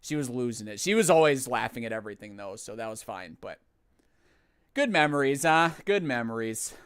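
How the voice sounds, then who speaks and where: A young man streaming a game and chatting away, full of self-deprecating jokes. His voice is smooth and clear, recorded close and dry with no room sound, at an ordinary male pitch. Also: lively intonation, fast, no echo. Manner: self-mocking, jokey, chatty. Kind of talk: casual game livestream chat.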